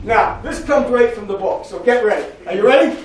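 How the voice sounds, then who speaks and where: A man's voice: high-pitched, fairly quick, slight background noise. A man giving a live motivational talk as a psychotherapist, joking and leading the audience in call-and-response chants. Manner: energetic, jokey, call-and-response. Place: large public library hall. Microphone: far from the mic. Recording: echoey hall from far off.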